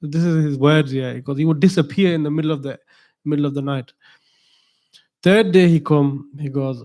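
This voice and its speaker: A man gives a religious talk as a teacher, with a voice that sits a little high. He tells his story in a loose, chatty way and turns aside to ask the audience questions. He chuckles at the odd parts of the tale. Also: moderate pace, darkish tone.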